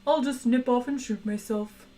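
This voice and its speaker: A woman's voice: fairly high pitch, dark tone, far from the mic, faint music behind, pitched above the performer's own voice, close to an everyday voice, low-quality recording. A woman voicing a polite, contented male creature bred to be eaten, in a storybook reading. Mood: obliging. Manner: courteous, obliging, unhurried.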